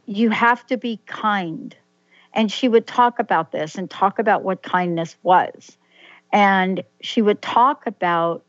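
A woman's voice: mid-range voice, no room sound, highs cut off. A woman hosting an interview, telling stories and asking open questions. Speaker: host. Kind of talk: interview conversation.

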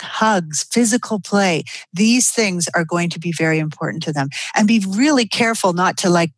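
A woman's voice: lowish voice, no echo. A woman giving an earnest, conversational explanation, walking through everyday examples step by step. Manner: acts out quoted lines in changed voices. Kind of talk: explanatory solo talk.

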